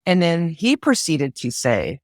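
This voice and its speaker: A woman's voice: sits low, huge pitch swings, measured pace, a little mellow, dry recording, studio quality. A middle-aged woman conductor from Los Angeles, a podcast guest telling a story emphatically, often repeating and stumbling over words. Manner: emphatic, repeats words and stammers when moved. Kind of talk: casual interview storytelling.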